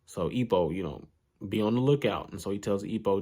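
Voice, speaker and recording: A man casually recapping an anime in a relaxed, slangy way, full of asides and fillers. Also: lowish voice, brisk.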